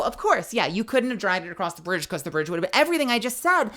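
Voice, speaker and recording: A woman's voice: medium pitch, fast talker, few pauses. A woman streaming a courtroom game, frustrated and swearing as she talks through it. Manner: frustrated, profane, animated. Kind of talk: live game stream commentary.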